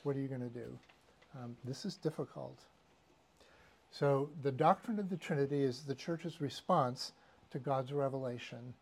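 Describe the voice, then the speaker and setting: A man's voice: mid-range voice, normal speed, gravelly, husky. A man teaching a church doctrine class in a conversational lecture style, with fillers and asides.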